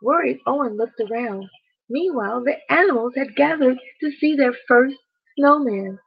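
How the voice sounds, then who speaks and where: A woman reading a bedtime story aloud, gently speaking to the children listening. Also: sits high, animated, gravelly, breathy edge, dry recording, highs cut off. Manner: slow, gentle, addresses children directly.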